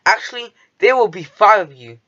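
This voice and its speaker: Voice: medium pitch, normal speed, a bit bright, dull audio, pitched above the performer's own voice, natural voice. A reader voicing a commanding fairy queen who gives orders. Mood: regal.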